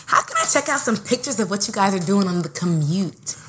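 A young woman from Oakland, California, co-hosting a podcast in a playful, animated storytelling manner with lots of slang. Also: medium pitch, fairly quick, a little hiss or hum. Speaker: podcast co-host. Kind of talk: casual chat.

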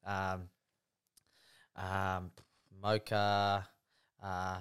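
A man's voice: low voice, completely flat delivery, drawn-out words, fairly bright tone, clear, resonant tone. A man with a New Zealand accent, co-hosting a casual, laid-back chat and often saying "bro" and "you know".

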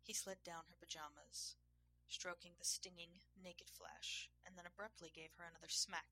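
A woman narrating an erotic audio story in a slow, hushed, intimate reading. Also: on the low side, fairly even intonation, slight background noise.

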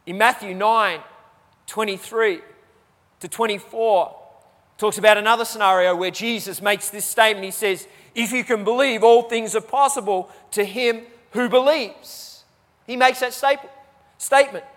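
A man's voice: sits high, normal speed, a bit bright, big-room sound. A man preaching a sermon to his church, repeating key phrases for emphasis. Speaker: pastor.

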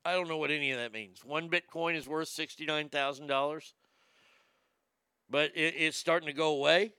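A man's voice: a little high, steady tone, normal speed, sharp tone, clear, resonant tone, dry recording, studio quality. A man hosting a casual show, reading news headlines aloud with mock drama and swearing through joking reactions. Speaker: podcast host.

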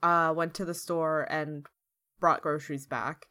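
Woman on a podcast, lowish voice but really bright and crisp, laid back, dry jokes. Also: steady tone, measured pace. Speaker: podcast co-host. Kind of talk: casual chat.

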